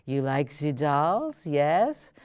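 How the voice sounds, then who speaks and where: A woman voicing an older German woman neighbor with a gravelly voice and a German accent, gruff and moody. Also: low voice, very animated, extremely slow, a little mellow, exaggerated voice. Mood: kindly.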